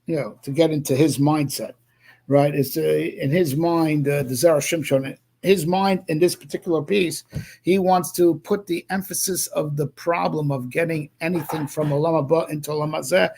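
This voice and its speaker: Male rabbi lecturing on a text; raised pitch, gravelly fry, animated and full of restarts. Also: normal speed. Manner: animated, thinking aloud with many restarts and "you know". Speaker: rabbi teaching Torah. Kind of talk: Torah class, explaining a text.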